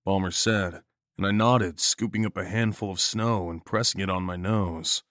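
A man narrating a first-person horror story in a measured, gritty and profane way. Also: deep voice, steady tone, a bit bright, no echo, studio quality.

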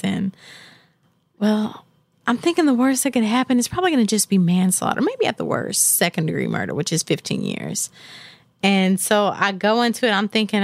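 A woman in her thirties talks candidly as an interview guest, earnest and reflective. Her voice has a gravelly, creaky edge. The sound is dry and close. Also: medium pitch, animated, normal speed, no echo. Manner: earnest and reflective, speaks with faith and conviction.

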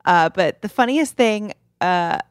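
A woman's voice: medium pitch, animated, measured pace, smooth, no echo. A woman co-hosts a podcast in easygoing chat, wry and self-deprecating as she tells her stories. Her mid-range voice is recorded close and dry, with no room around it. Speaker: podcast co-host. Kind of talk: casual chat.

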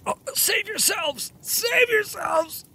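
A man's voice: expressive, slow, gravelly, a bit bright, a little hiss or hum, exaggerated voice. A man voicing a frantic, breathless male cult member who worships the heroes, in a tabletop role-play. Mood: panicked. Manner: worshipful, panting, high-pitched.

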